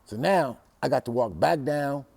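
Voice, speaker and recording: A man from Los Angeles hosting a storytelling show, telling a personal story in a casual, profane way that swings from hushed to loud. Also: medium pitch, expressive, normal speed, vocal fry. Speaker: storytelling host.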